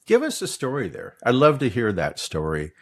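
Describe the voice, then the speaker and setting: A man's voice: medium pitch, huge pitch swings, normal speed. A man hosting a podcast interview, asking curious, rambling questions. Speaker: podcast host.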